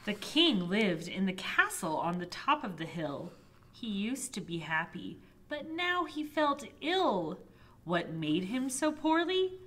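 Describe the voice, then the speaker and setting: A woman librarian reading a picture book aloud to toddlers, expressive, with asides to the children. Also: mid-range voice, slight background noise. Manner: slow, lilting and expressive. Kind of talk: toddler storytime read-aloud.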